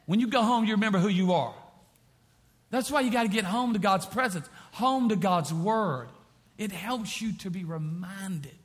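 A man preaching a sermon as pastor, repeating phrases and swinging from quiet to impassioned. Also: high voice, normal speed.

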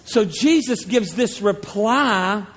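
Storytelling pastor in a ringing hall. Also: male voice, sits high, takes it slowly. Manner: storytelling, conversational, animated asides. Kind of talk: sermon. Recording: long hall reverb.

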